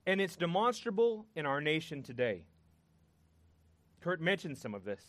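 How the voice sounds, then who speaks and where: A man preaching a sermon, earnest and emphatic, pausing and repeating words for weight. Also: a little high, a bit bright, no echo.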